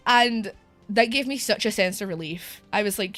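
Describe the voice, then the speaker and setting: A woman's voice: mid-range voice, normal speed, fairly bright tone, faint music behind. A young British woman streaming live, with a sore throat, talking candidly and emotionally, near tears and laughing between sentences. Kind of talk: casual live-stream chat.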